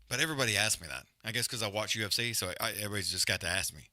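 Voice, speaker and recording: A man's voice: fairly low pitch, racing, few pauses, bright, forceful tone. A man hosting a live fight watch-along, breaking down the action in loose, profane, slangy commentary.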